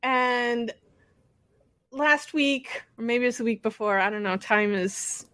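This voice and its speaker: A woman co-hosting a podcast, speaking in a relaxed, reflective and earnest way. Her voice sits a little high and is recorded close and dry, with no room sound. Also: unhurried, dry recording. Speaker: podcast co-host and bodyworker. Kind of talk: casual chat.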